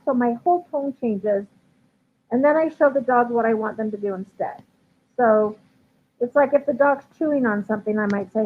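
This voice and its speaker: She's a dog trainer taking viewer questions on a casual live stream, her voice a little high and her delivery a little fast. Ums and likes crop up constantly in her chatty talk, and the computer mic sounds tinny and phone-like, with faint hiss.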